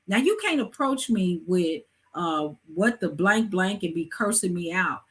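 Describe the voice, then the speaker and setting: Husky woman hosting a lively talk show. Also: lowish voice, unhurried. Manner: lively, preachy advice with emphatic asides. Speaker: host. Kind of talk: live-stream talk show chat.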